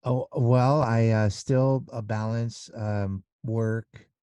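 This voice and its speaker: A man's voice: medium pitch, fairly even intonation, slow pace, warm tone, clear, resonant tone, no room sound. A middle-aged man talking as an interview guest in a casual conversation, earnest and rambling with many restarts.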